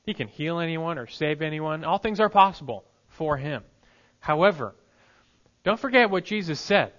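A male pastor preaching a sermon, emphatic, moving between hushed lines and loud peaks. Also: a little high, lively intonation, moderate pace, dull audio.

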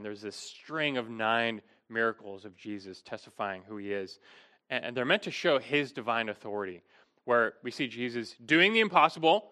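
A man's voice: medium pitch, bright, forceful tone. A middle-aged man preaching an expository sermon, earnest and emphatic, often restarting his phrases.

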